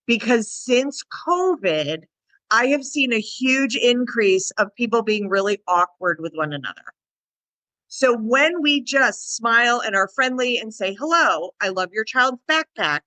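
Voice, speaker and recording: A woman dog trainer co-hosting a casual podcast, chatty and lively, acting out little bits of dialogue as she explains. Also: a little high, no echo. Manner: lively, chatty, acts out little voices and quotes.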